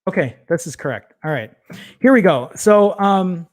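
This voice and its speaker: This is a man hosting a casual tech livestream, his voice sitting slightly higher than most men's. He rambles and stumbles over his words, breaks off to mutter or swear quietly under his breath, and keeps asking his viewers to bear with him. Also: lively intonation, normal speed. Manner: rambling, self-interrupting, apologetic while fumbling with files. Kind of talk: casual live-stream chat.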